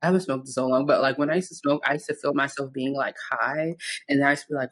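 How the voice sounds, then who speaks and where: A woman's voice: low-pitched, fast, a bit bright. A woman co-hosting a podcast in casual chat, laid-back, telling stories with quoted asides. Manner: frequent "mm-hmm" listening sounds. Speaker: podcast co-host.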